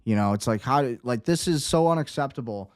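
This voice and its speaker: A man's voice: mid-range voice, expressive, brisk, smooth, no room sound, clean studio sound. A man hosting a casual commentary show, ranting bluntly with sarcasm. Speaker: host.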